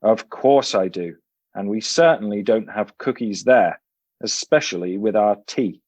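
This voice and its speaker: A man's voice: fairly low pitch, measured pace, a little mellow, no echo. A man voicing a fussy, prim elderly English professor with a clipped English accent. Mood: huffy. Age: older.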